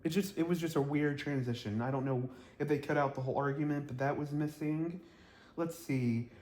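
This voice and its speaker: A man chatting to camera about a reality show, blunt and gossipy, rambling with lots of ums and quick laughs. His voice sits a bit high for a man. The sound bounces around an echoey room. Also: a little mellow. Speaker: reality TV reviewer. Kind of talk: casual vlog commentary. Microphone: camera mic, talking to camera.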